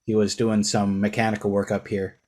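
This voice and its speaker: A man hosting a podcast, relaxed and telling his own stories in a casual chat. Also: fairly low pitch, fairly quick. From Canada. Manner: relaxed, recounts personal stories. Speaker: podcast host.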